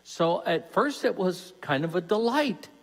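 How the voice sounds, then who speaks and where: A man's voice: sits high, sing-song, a little slow. A man giving a conversational Lenten mission talk as a deacon, putting questions to his listeners. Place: church. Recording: long church reverb.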